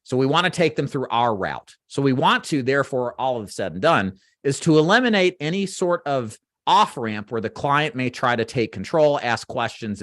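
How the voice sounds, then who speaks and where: A man teaching final expense phone sales, walking trainees through a phone script and acting out sample call lines in a brisk sales voice, with frequent "right?" check-ins. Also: medium pitch, a bit bright, dry recording, studio quality. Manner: talks straight to trainees, checks in with "right?" and "does that make sense?". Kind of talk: instructional walkthrough of a phone script.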